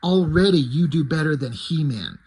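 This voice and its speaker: A man's voice: fairly high pitch, lively intonation, normal speed, darkish tone, breathy edge, rough recording. A man voicing a brutal, mocking male beast-man villain who taunts his foe. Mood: taunting.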